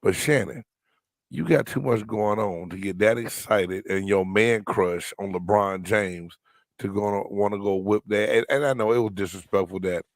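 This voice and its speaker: A man's voice: deep voice, no room sound. A man co-hosting a sports podcast, rambling in slangy banter with frequent restarts. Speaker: podcast co-host. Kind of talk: casual sports podcast chat.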